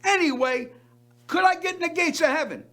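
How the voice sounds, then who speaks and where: A man's voice: very high-pitched, brisk, fairly bright tone, soft background music, voice pushed up. A man voicing a pleading old Italian man at the gates of heaven in a told joke, wheedling and eager as he pleads his case.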